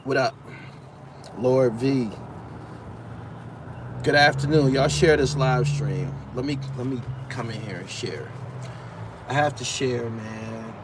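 A man's voice: mid-range voice, slow, long pauses, background noise. A man hosting a casual live stream, talking loosely and with profanity as he reads out viewer comments and gives his take. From Brooklyn, New York.

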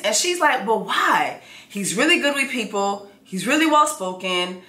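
A woman recapping a TV show in a casual, comedic way, full of slang, who acts out characters in high voices. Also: sing-song, measured pace, bright, forceful tone, echoey room.

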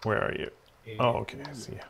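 A man's voice: medium pitch, fairly even intonation, fast, vocal fry, a bit bright. A man chatting casually during a game stream, laughing often and muttering asides. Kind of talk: casual gaming chat.

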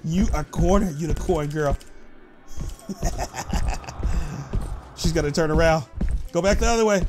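A man giving excited, playful gameplay commentary as a gaming YouTuber, teasing and laughing often. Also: a little high, unhurried, pauses often, music in the background.

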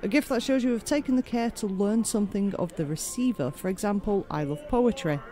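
A man voicing a solemn, formal male tribesman from a video game, in a put-on rustic accent, slow and stately. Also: high voice, mellow, lightly acted. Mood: instructive. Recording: game music behind.

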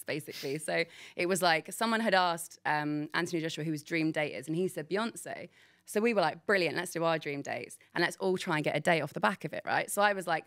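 Chatty woman with gravelly creak. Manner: animated, laughing, quotes people with big pitch jumps. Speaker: guest, sports presenter. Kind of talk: casual storytelling chat.

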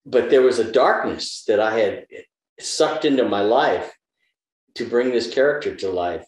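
A man's voice: medium pitch, animated, a little slow. A man in his seventies from the United States, an actor being interviewed, thoughtfully telling stories and giving advice. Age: 70s. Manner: thoughtful, storytelling, gives advice. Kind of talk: reflective conversational interview. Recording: roomy echo.

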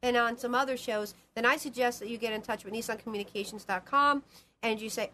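A woman's voice: fairly high pitch, fairly even intonation, fast, pushed and bright, slight background noise. A woman hosting a live call-in show as a psychic medium, talking in a rambling, emphatic way and repeating herself. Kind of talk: casual live call-in chat.

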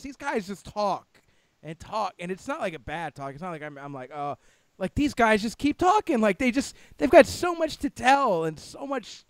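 A man hosting a podcast, talking in an excitable, enthusiastic way and casually tossing in "man" and "dude". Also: high voice, moderate pace, no echo. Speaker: podcast host.

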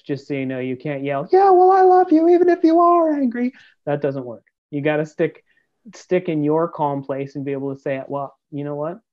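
A man giving a webinar talk to parents, in a direct, encouraging manner. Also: mid-range voice. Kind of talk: practical talk. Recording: dull lo-fi webinar audio.

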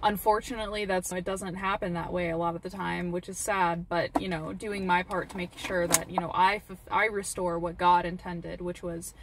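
A woman speaking to camera in a heartfelt, encouraging way, her voice sitting a little low. She leans on repeated words to stress her points, with faint rain pattering in the background. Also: level tone, normal speed, few pauses, a little hiss or hum. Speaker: vlogger, parent. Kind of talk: earnest personal talk to camera.

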